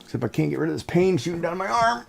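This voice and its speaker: A man's voice: fairly high pitch, big pitch swings, quick pace, creaky, faint music behind. A middle-aged man hosting a livestream from home, chatting casually and rambling with lots of fillers and restarts. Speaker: livestream host. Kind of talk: casual chat.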